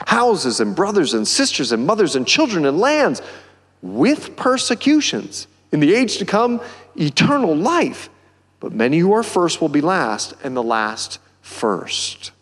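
Brief: Southern male pastor, lively swooping delivery, slightly high voice, preaching in a reverberant church. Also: measured pace, husky. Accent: American Southern. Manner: animated, rising to near-shouts on key phrases. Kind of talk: sermon. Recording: long hall reverb.

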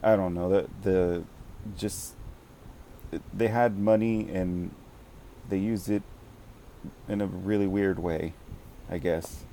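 A man with a fairly low voice chats casually about a film, pausing and hunting for the right words with plenty of fillers. Faint background noise is heard under his voice. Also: steady tone, dark tone. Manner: halting, searching for words with many fillers. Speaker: podcast co-host reviewing a film. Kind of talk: casual chat.

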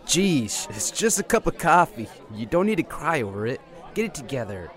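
A man's voice: on the high side, moderate pace, soft background music. A young man voicing a playful, supportive teenage best friend. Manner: playful, lively.

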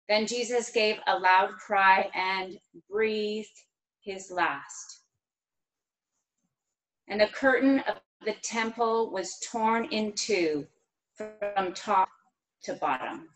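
A woman reading scripture aloud in a measured, earnest way during an online worship service. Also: mid-range voice, fairly bright tone, rough recording. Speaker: scripture reader.

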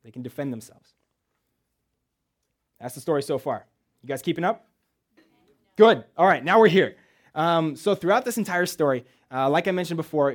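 Man, preacher, church, casual Bible storytelling, joking asides, rhetorical questions, slightly high voice.

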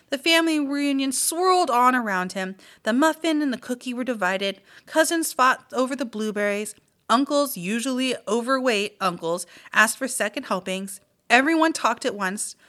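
A woman reading a children's chapter book aloud as a mystery reader, with lively, expressive storytelling. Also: on the high side.

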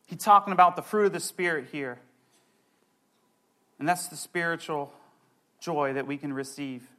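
A young man preaching a sermon, excitable and animated, with playful asides. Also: a little high, moderate pace. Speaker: pastor.

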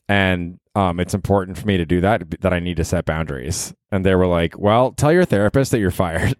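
A man's voice: low voice, a little mellow, no room sound, clean studio sound. Casual, rambling man hosting a podcast. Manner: rambling, swears casually, laughs at own jokes. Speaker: podcast host. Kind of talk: casual solo podcast monologue.

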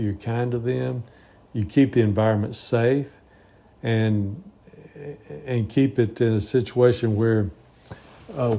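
A man's voice: medium pitch, gravelly, dark tone. A man in his sixties giving an earnest, rambling reflective monologue with frequent restarts. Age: 60s.

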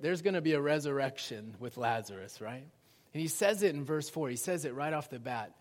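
A man preaching a sermon as pastor in a church auditorium. He swings between loud urgency and hushed intensity. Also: fairly high pitch. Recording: reverberant hall sound.

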